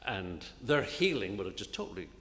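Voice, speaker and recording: A man preaching an earnest sermon in a church, often dropping to a soft, hushed voice on key phrases. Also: on the low side, sing-song, brisk, gravelly. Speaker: minister preaching. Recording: long reverb of a church hall, faint ambience.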